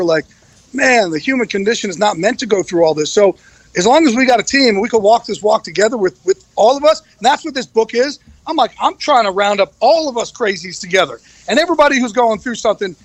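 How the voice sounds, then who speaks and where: A man's voice: high voice, expressive, fairly quick, no room sound, low-quality recording. A man speaking as a podcast guest, candid and emotional, swearing freely. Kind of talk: casual podcast interview.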